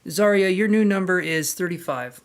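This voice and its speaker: A man's voice: high voice, normal speed. A man hosting a live tarot stream in casual chat, greeting viewers by name, handing out queue numbers and cracking jokes.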